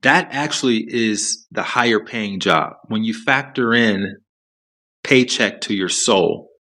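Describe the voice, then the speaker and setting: A man speaking as a podcast guest, explaining ideas in an earnest, steady, reflective way. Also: lowish voice, slow pace. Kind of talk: reflective interview talk.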